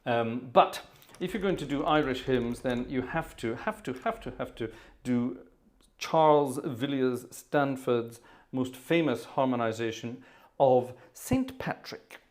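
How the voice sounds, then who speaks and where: A cheerful man at an organ console chatting to his live-stream audience between hymns. He rambles in an easygoing way, laughs at his own asides and keeps the talk loose. His voice sits at a medium pitch. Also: takes it slowly, a little mellow. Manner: jovial, rambling, chuckling asides. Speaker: organist and livestream host. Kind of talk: casual live-stream chat between pieces. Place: hot indoor room at an organ console.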